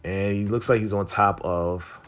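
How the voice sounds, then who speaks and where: A man's voice: fairly low pitch, fairly even intonation, measured pace, faint music behind. A man casually recapping a TV episode, in a slangy, laid-back way that leans on filler phrases. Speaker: TV recap vlogger.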